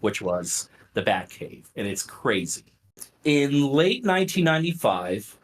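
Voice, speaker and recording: A middle-aged man tells stories as a podcast guest. His pitch swings widely as he talks. His delivery is loose and conversational, full of fillers. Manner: animated, filler-heavy, conversational. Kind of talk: casual storytelling.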